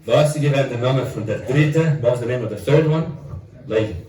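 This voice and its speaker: A middle-aged man from Italy, a rabbi, telling an animated story at a gathering and dropping in Yiddish and Italian phrases. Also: mid-range voice, brisk. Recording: roomy echo from far off.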